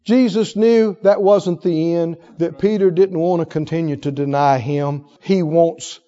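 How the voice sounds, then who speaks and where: A man preaching a sermon with fervor, swinging from hushed tones to shouts. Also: fairly high pitch, level tone, measured pace. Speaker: pastor. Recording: dull sound in a long-reverb hall.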